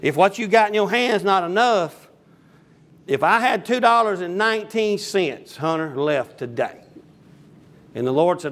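A man's voice: sits high, expressive, measured pace, a bit bright. A man, preaching a folksy sermon as a pastor, reading scripture and rambling into humorous down-home stories. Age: 50s.

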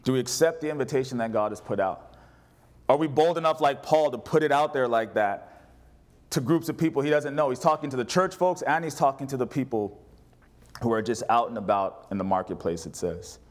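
A man's voice: medium pitch, lively intonation, a little fast. A male pastor preaching a sermon, reading scripture aloud and putting questions to his congregation.

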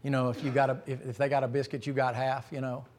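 A middle-aged man preaching a folksy, joking sermon that climbs to loud, shouting peaks. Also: medium pitch, flat delivery, quick pace, slight background noise. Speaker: pastor.

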